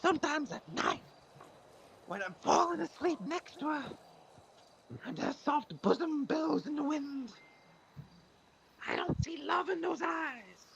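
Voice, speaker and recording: A man voicing a whiny, lovesick male moth who wails his troubles in a high, drawn-out voice during comic storytelling. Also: lively intonation, gravelly, a bit bright, a little hiss or hum, full character voice. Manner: high wailing, drawn-out complaints.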